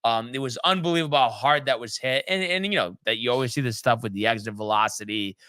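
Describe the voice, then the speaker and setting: A man's voice: medium pitch, quick pace, pushed and bright, no room sound. A man hosting a sports talk show, recapping games in a loose, chatty way with many ums and restarts. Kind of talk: casual sports recap chat.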